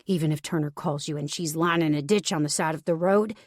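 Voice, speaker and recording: A woman narrator voicing a protective, teasing grown man in an audiobook, speaking low and quietly insistent. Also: a little fast, no echo, studio quality, lightly acted.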